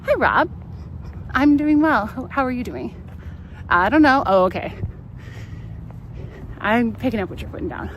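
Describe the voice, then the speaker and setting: Brief: young woman host, chatty storyteller, slightly high voice, live street vlog with traffic behind. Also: animated, a little slow, long pauses, highs cut off. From California. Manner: chatty, storytelling, laughs often, reads out chat. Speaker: travel vlogger. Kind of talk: casual live-stream chat. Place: outdoors on a town street. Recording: outdoor street noise. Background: traffic and street noise.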